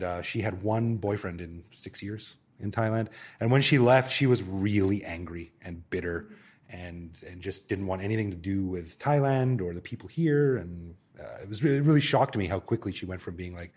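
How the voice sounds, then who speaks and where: A man's voice: low-pitched, normal speed, darkish tone. A man hosting a podcast panel, telling a story in a rambling way with many restarts. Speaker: podcast host. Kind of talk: casual panel chat. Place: Bangkok.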